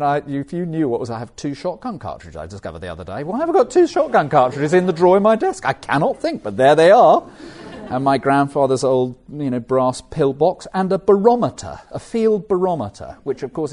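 Middle-aged English preacher, mellow warm voice, animated conversational sermon delivery. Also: male voice, on the high side, fairly quick. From England. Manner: animated, conversational, with self-mocking asides.

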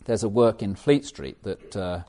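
Middle-aged English preacher, mellow warm voice, animated conversational sermon delivery. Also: male voice, lowish voice, a little slow. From England. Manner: animated, conversational, with self-mocking asides.

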